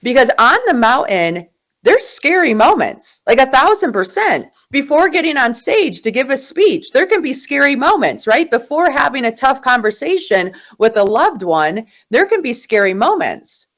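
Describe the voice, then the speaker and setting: A woman in her forties, a guest in an interview, telling her story in an animated, emphatic way. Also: high-pitched, normal speed. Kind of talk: conversational interview.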